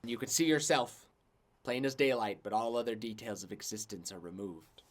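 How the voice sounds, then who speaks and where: A man's voice: on the low side, normal speed. A man narrates a fantasy tabletop game as its game master. He rambles and restarts his sentences, and he peppers them with "like". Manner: rambling, lots of "like".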